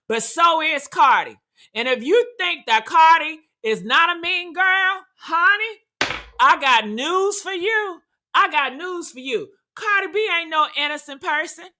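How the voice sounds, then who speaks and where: Woman reaction host, high bright voice, blunt and profane, loud emphatic delivery. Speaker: commentator reacting to comments. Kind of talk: live reaction commentary.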